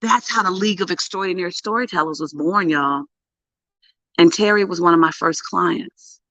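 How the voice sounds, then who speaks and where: A middle-aged woman and PR coach telling a story to camera in a casual, animated way, with emphatic bursts and hushed asides. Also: fairly low pitch, normal speed, no room sound. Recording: dull lo-fi, dry sound.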